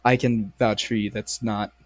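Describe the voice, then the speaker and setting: A man's voice: on the low side, little pitch movement, normal speed, no echo. A young man co-hosting a casual podcast, swearing a lot and retelling stories with animation. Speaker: podcast co-host. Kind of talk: casual chat.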